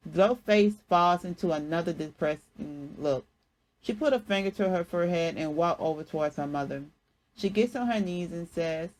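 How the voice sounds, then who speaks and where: A woman artist reading a chapter of her own story aloud in a plain, even way, with small restarts. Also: on the low side, moderate pace, poor audio.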